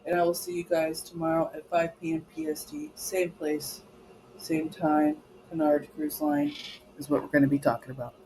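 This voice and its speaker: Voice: mid-range voice, fairly even intonation, normal speed, darkish tone, slight background noise, low-quality recording. Chatty travel trainer walking through a booking site. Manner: casual and chatty, checking in with "okay?". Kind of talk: live screen-share training walkthrough.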